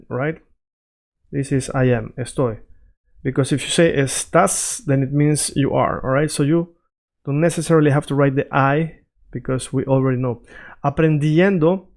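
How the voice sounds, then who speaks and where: A man teaching Spanish in a casual freestyle lesson, checking in with his listeners often and repeating phrases slowly to drill them. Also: on the high side, a little mellow. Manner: conversational, checks in often with "right?" and "all right?".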